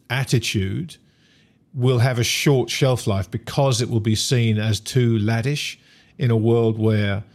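A man co-hosting a sports podcast thinks aloud in a casual discussion, musing and hesitant, with frequent restarts and hedges. His voice is medium-pitched with a darkish tone.

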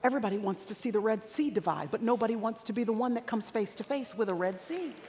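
A woman preaching a sermon with dynamic delivery, dropping to a hush and rising to a shout. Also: a little high, fast talker. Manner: dynamic, swings from hushed to shouting. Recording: large hall reverb, faint ambience.

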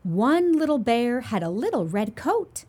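A woman's voice: fairly high pitch, big pitch swings, measured pace, warm tone. A woman reading a picture book aloud to young children as a storyteller, in a sweet, sing-song manner.

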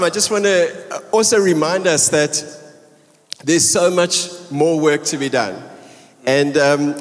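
A man with a somewhat raised voice speaks earnestly to a church congregation, encouraging them and now and then restarting his sentences. A long hall reverb trails behind his words. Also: a little high. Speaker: church leader addressing the congregation. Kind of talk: church service address.

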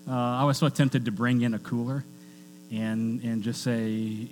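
A man's voice: medium pitch, steady tone, unhurried, long pauses. A male pastor preaching a conversational sermon, reading scripture aloud with joking asides. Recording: long church reverb with faint mains hum.

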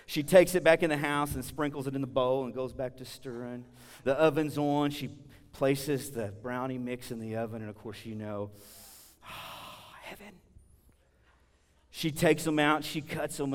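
Animated preacher man in a reverberant hall. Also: mid-range voice. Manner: animated, conversational preaching with big swings in volume. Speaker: guest preacher. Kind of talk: sermon with storytelling. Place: church sanctuary.

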